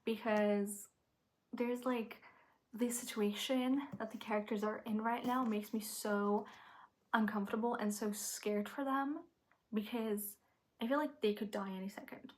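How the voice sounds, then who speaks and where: A young woman vlogging about her reading, excitable and gushing, sometimes dropping to a nervous whisper. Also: medium pitch, a little slow. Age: young adult. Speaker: book vlogger. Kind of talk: casual vlog talk to camera.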